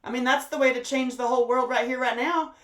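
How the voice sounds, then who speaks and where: A woman's voice: high voice, steady tone, fast talker, a bit bright, reverberant, recorded from a distance. A woman giving an impassioned, profane pep talk straight to her listeners, preachy and emphatic, repeating words for emphasis. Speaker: motivational speaker and host.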